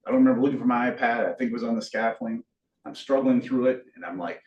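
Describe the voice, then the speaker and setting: A man tells a harrowing survival story to a room full of colleagues, earnest and animated, with a folksy, joking streak. He sits at a moderate pitch and is picked up from across an echoey meeting room. Faint hiss runs underneath. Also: fast, far from the mic, lo-fi sound. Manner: earnest, animated, folksy with self-deprecating humor. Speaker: guest speaker. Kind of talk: motivational storytelling talk.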